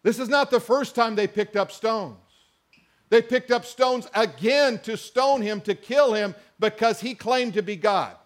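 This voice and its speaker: A man's voice: high-pitched, a little slow. A man preaching a sermon, reading scripture and mixing in conversational asides and questions to the congregation. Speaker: pastor.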